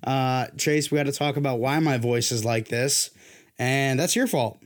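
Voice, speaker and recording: A man's voice: medium pitch, moderate pace. Young male sports podcast host, worn-down voice, casual and jokey. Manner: loose, joking, pushes himself to sound hyped.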